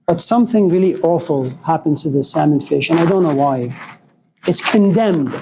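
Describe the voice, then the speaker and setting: High-voiced wry lecturing man. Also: animated, normal speed, creaky, mellow, slight background noise, poor audio. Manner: wry, dramatic storyteller. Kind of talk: storytelling lecture.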